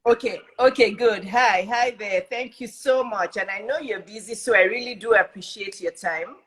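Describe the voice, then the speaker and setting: A woman hosts a live-streamed talk show from her home, talking around a cough drop in her mouth. She greets and welcomes everyone again and again in a chatty, repetitive way. Her voice sits at a middle pitch for a woman. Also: moderate pace, a bit bright, rough recording. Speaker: host.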